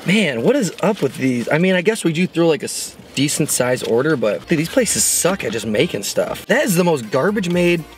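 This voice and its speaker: A young man co-hosting an eating show, chatting casually between bites, joking and quick to complain. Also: a little high, big pitch swings, slight background noise. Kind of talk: casual chat while eating.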